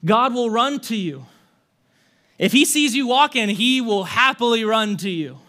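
Bright, high-voiced animated preacher. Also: male voice, a little slow. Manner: animated storytelling with rhetorical questions and frequent "like". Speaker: pastor. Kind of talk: conversational sermon.

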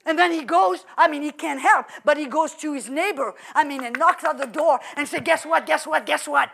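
Animated woman preacher, very high voice, exclamatory. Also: brisk, vocal fry. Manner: animated and exclamatory, many fillers. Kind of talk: sermon.

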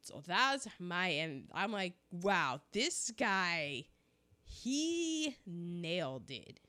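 A woman co-hosting a casual podcast chat, expressive and thinking aloud as she talks. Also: fairly low pitch, extremely slow. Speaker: podcast co-host.

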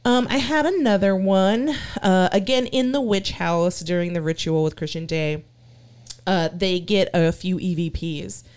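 A woman's voice: lowish voice, a little slow, darkish tone, smooth. A woman from Texas co-hosting a podcast, casually and profanely recounting ghost-hunting clips. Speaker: podcast co-host. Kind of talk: casual chat.

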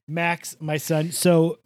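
A woman co-hosting a podcast in casual chat, telling animated stories and acting out the voices of people she quotes. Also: sits low, very slow, dry recording. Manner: animated storyteller, acts out quotes, self-deprecating. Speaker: podcast co-host.

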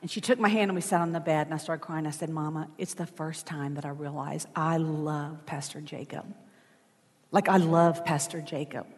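A woman's voice: deep voice, fairly even intonation, normal speed. A woman telling a personal story in a sermon in a chatty, emotional way, with asides to the congregation. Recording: long church hall reverb.

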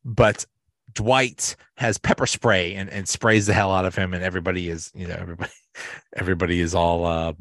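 A man hosting a podcast, casually retelling sitcom episodes in a rambling, halting way with restarts and laughter. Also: sits low, little pitch movement, a bit bright, no room sound. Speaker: podcast host. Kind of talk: casual solo recap.

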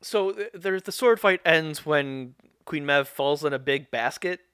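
A man's voice: fairly high pitch, a little slow, fairly bright tone, smooth, dry recording, studio quality. A man co-hosting a podcast, recapping a show in casual chat, rambling and laughing often.

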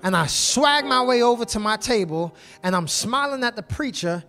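A man's voice: extremely high pitch, animated, moderate pace, pushed and bright. A male pastor telling a story in a sermon, constantly calling out to the congregation for a response. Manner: call-and-response, repeatedly asks the congregation "y'all".

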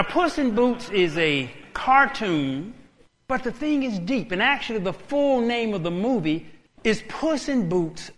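An older man, a pastor, preaching with animated, laughing comic storytelling. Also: sits high, a little hiss or hum. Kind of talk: sermon storytelling.

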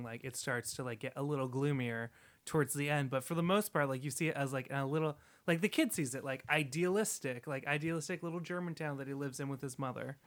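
A man in a casual film review chat, talking in an animated way with frequent fillers and acted-out quotes. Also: medium pitch. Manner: animated, lots of fillers, restarts and quoted lines.

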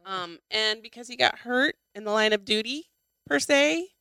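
Middle-aged woman, chatty co-host, smooth bright tone, close dry mic. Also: fairly high pitch, moderate pace, no room sound. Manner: chatty, swears freely, many ums. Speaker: podcast co-host. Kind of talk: casual chat.

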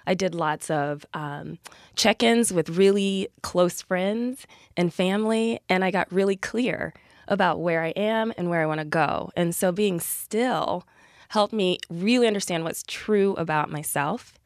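A woman's voice: on the low side, measured pace, dry recording, clean studio sound. A woman as a podcast guest, speaking in an earnest, heartfelt way about her life. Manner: gives frequent soft affirmations while listening. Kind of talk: reflective interview talk.

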